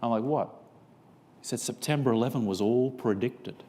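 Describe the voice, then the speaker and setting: Man, church sermon, animated storytelling, acts out dialogue. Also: mid-range voice, moderate pace, long reverb tail. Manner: animated storyteller acting out a conversation. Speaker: preacher.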